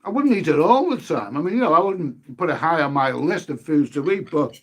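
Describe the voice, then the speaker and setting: On a live stream, a man with a slightly high, bright, husky voice chats casually at a brisk, animated clip. He eats as he talks, swears mildly, and reads viewer comments and names aloud.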